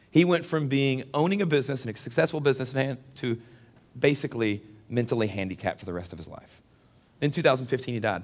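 A middle-aged man delivering a sermon in a conversational way, moving from hushed personal storytelling to loud, emphatic preaching. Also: on the high side. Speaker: pastor.

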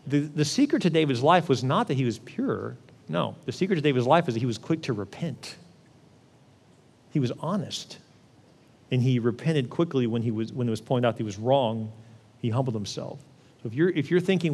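A male pastor preaching a conversational sermon, often acting out prayers in a lively voice. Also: medium pitch, a little fast. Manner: conversational, acts out prayers in an animated voice. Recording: long reverb of a large hall.

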